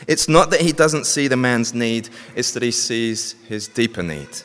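Male preacher, storytelling sermon, medium pitch, long reverb of a church hall. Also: normal speed, fairly bright tone. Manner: storytelling, asks the congregation questions.

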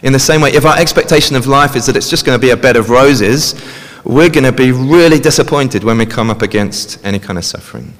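A man's voice: mid-range voice, fast, hardly any pauses, fairly bright tone. A man preaching a sermon in a conversational way, often ending points with tag questions. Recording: long reverb of a large hall.

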